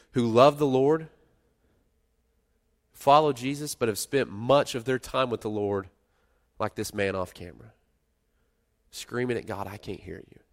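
A middle-aged pastor with a mid-range voice preaches conversationally, rising to loud emphasis and dropping to quiet asides.

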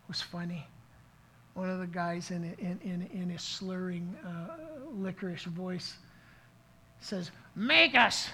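A man's voice: high-pitched, monotone, unhurried, a little hiss or hum, poor audio. A middle-aged man preaching a sermon as pastor, telling a story in an earnest way, with frequent restarts. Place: church service.

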